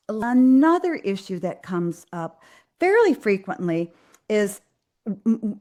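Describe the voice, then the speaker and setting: A woman's voice: fairly low pitch, a little mellow. A woman hosting a live Q&A, answering viewers' parenting questions in an earnest, direct way with frequent ums and restarts. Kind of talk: live Q&A advice talk.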